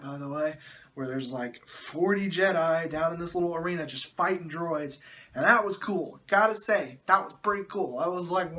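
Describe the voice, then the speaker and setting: A man's voice: fairly high pitch, bright, forceful tone. A man reviewing a movie in a sarcastic, exasperated way, often groaning and mocking the dialogue.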